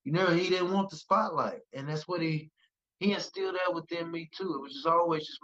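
A man from West Virginia, a musician, chatting casually and telling animated stories, often breaking into laughter. His voice is slightly high. The sound is a little dull and lo-fi. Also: fairly quick. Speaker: musician guest. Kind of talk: casual conversation.

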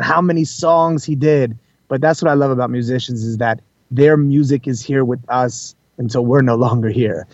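A man hosting a talk radio show, chatting warmly and effusively to his listeners. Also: mid-range voice, no room sound. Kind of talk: casual talk radio monologue. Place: indoors, calling in live from a holiday trip. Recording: dull lo-fi broadcast audio.

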